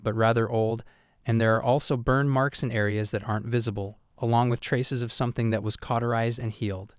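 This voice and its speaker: A man narrating a comic story recap in a steady, even third-person retelling. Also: mid-range voice, no echo, studio quality.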